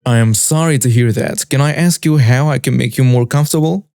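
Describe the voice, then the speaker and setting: A man voicing a calm, courteous female clinic receptionist. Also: medium pitch, a little fast, creaky, clean tone, no echo, studio quality, lightly acted. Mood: polite.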